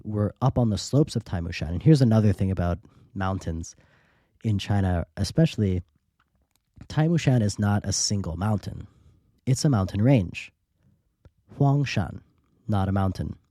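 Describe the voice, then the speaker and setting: A man's voice: fairly low pitch, no room sound, clean studio sound. A man hosting a podcast, telling a travel story in a casual way and acting out the people he met. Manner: lively anecdotal storyteller, acts out quoted dialogue. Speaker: podcast host.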